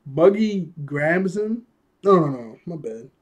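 A man casually recapping an anime episode, animated, laughing often, and acting out quotes in a raised voice, a bit out of breath. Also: fairly high pitch, slow pace. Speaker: anime reviewer.

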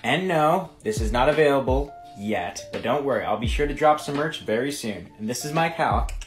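A young man in his late teens, playfully talking to his toy trucks and calling their game like an excitable sports commentator. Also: medium pitch, brisk, soft background music. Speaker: video creator. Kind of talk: comic skit with mock sports commentary.

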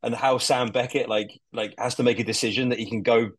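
A man's voice: medium pitch, fairly even intonation, fairly quick, husky, no room sound. A young man chatting on a podcast as a guest, rambling with lots of fillers and casual swearing.

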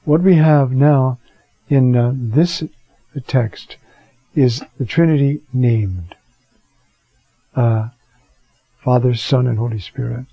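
A priest giving a conversational teaching sermon, with rhetorical questions and frequent fillers. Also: male voice, medium pitch, slow pace, pauses often, no room sound. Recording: dull lo-fi recording.

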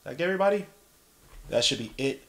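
Fast and medium-pitched, this podcast host gives casual live-stream commentary on a game. He's a slangy New man, lively and joking, reading out messages from the chat.

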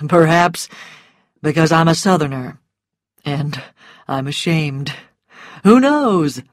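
A woman voicing a self-assured, mocking grown man in a storybook reading, speaking calmly in a low, quiet murmur. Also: slow, no echo, studio quality, exaggerated voice. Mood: teasing. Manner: calm, low and teasing, dropping to a murmur.

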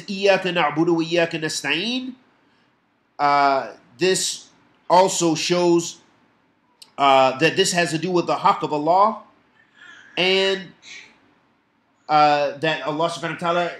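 A man teaching a Quran commentary lesson, explaining verses with quick recited quotations and repeated emphasis. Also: a little high, fairly bright tone, echoey room. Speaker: Islamic teacher.

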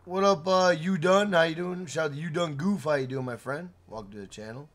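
A man live-streaming a video game, talking loudly to his chat with swearing and shout-outs. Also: fairly high pitch, a little fast.

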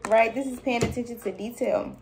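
A woman's voice: fairly high pitch, steady tone, a little fast, a little mellow, a little hiss or hum. A woman giving a chatty spiritual reading straight to her viewers, full of loose filler and calling the listener baby. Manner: talks straight to the viewer, calls them baby. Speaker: spiritual reader. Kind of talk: casual intuitive reading to viewers.

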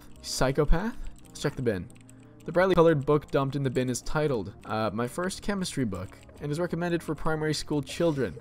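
A man's voice: on the high side, lively intonation, a little fast, soft background music. A man casually playing through a text horror game, reading it aloud and making laid-back, sweary jokes. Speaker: let's play host.

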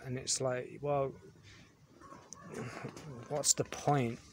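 A man's voice: mid-range voice, level tone, extremely slow, pauses often. Guy ranting a review, dismissive, keeps going "you know what i mean", bit of faint noise behind.

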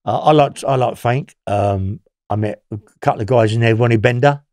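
Animated man telling stories. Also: medium pitch, normal speed, dry recording, studio quality. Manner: rambling, animated, swears a lot, laughs while telling. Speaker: interview guest, former prisoner. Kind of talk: storytelling interview.

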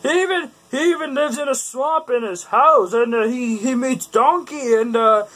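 Dude doing a goofy cartoon guy rambling on, voice pushed up high, lots of ums. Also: a bit bright, poor audio. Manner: rambling, halting retelling full of fillers. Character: goofy dim-witted adult man, regular customer.

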